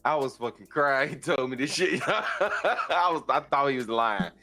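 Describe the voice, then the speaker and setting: A man co-hosting a podcast, excitable and laughing loudly, often calling out to listeners. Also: mid-range voice, measured pace, soft background music. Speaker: podcast co-host. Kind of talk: casual podcast chat.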